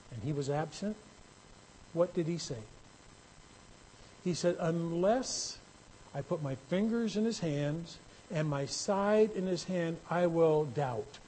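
A man's voice: fairly high pitch, warm tone, slight background noise, poor audio. A man preaching a sermon in a conversational way that builds into emphatic, raised passages. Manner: conversational, rising to emphatic bursts. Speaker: pastor.

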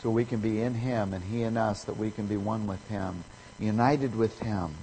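A man's voice: on the low side, steady tone, normal speed, warm tone, big-room sound, a little hiss or hum, rough recording. A man preaching a sermon, emphatic and fond of repeating key phrases for effect.

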